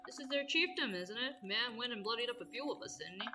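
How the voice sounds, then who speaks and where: A woman voicing a callous male slave trader, gruff and mocking. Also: on the high side, animated, quick pace, background noise, natural voice.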